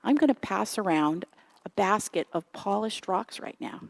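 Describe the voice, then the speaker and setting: Woman in her fifties, gravelly edge, chatty church sermon, self-deprecating, asks the crowd questions. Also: mid-range voice, animated, normal speed. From Canada. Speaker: guest speaker. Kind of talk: conversational sermon. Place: church sanctuary.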